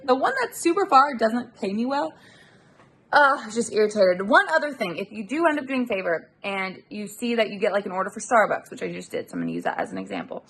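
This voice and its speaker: A woman with a gravelly, fry-edged voice talks straight to her phone camera from inside a car. She vents with casual irritation and swears freely, her voice sitting at an ordinary middle pitch, with a faint hum of ambience behind her. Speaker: delivery-driver vlogger. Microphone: handheld phone camera.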